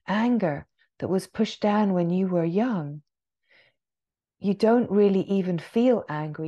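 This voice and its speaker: A woman spiritual teacher giving a gentle satsang talk, acting out inner voices in quotes. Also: medium pitch.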